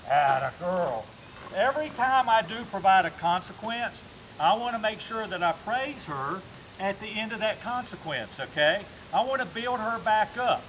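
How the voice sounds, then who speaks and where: A man with a high voice teaches a dog training session, walking through each step and pausing to check in. He slips between calm explanation and bright commands and praise for the dog. A faint hiss sits under the recording. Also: low-quality recording. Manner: explains step by step, often tagging on a checking "okay?"; switches to upbeat praise and commands while working the dog. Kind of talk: instructional training demonstration.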